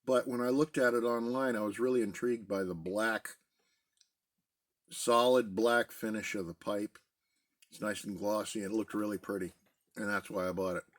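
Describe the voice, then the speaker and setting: A middle-aged man chatting casually in a relaxed, rambling way from a basement den at home. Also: on the low side, normal speed. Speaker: pipe-smoking video host. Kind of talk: casual pipe-smoking chat.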